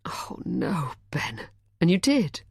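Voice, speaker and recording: A woman's voice: medium pitch, sing-song, moderate pace, slightly rough, no echo, studio quality, voice pushed up. A woman voicing an anxious, caring young woman in an audiobook, with urgent, rising questions in a raised voice. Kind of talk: audiobook character voice.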